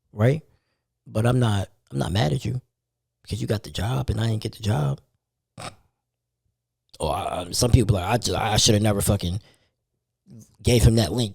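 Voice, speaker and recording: A man's voice: mid-range voice, creaky, mellow, slightly rough, no room sound, clean studio sound. A tired young man hosting a podcast, talking loosely in street slang. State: tired, yawning. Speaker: podcast host. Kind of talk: casual monologue.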